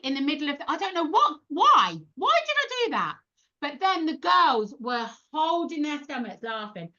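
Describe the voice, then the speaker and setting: Lively woman telling stories. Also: high voice, normal speed. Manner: animated, laughing, acts out quoted voices. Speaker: podcast guest. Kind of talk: casual storytelling chat. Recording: dull lo-fi podcast audio.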